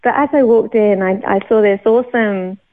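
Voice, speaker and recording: A woman in her thirties telling her personal faith testimony in an animated way, laughing often. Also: on the high side, a little fast, a little hiss or hum. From England. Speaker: guest sharing her faith story. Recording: tinny phone-line sound.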